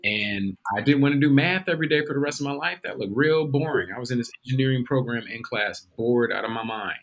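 Man, casual chat, joking, relaxed storytelling. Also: medium pitch, fast talker, dull audio. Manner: joking, laid-back storytelling.

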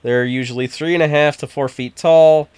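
A man in casual podcast chat, talking in an animated, halting way with frequent restarts. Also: fairly high pitch, smooth, no room sound.

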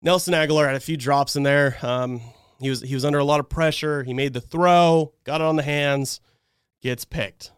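A man's voice: on the high side, fairly even intonation, moderate pace, smooth, no room sound, clean studio sound. A man hosting a live fan stream, breaking down a game in a heated, exasperated rant. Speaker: fan channel host.

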